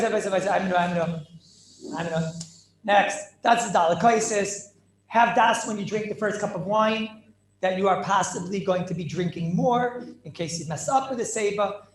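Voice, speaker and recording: A man teaching a lively Torah class as a rabbi, playful and theatrical, mixing in Yiddish and Hebrew terms. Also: sits high, moderate pace, echoey room, a little hiss or hum.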